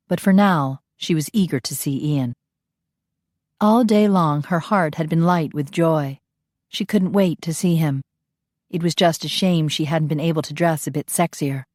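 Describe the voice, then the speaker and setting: A woman narrates an audiobook in a steady, measured delivery. Her voice is low. The recording is dry, with no room sound. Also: no room sound.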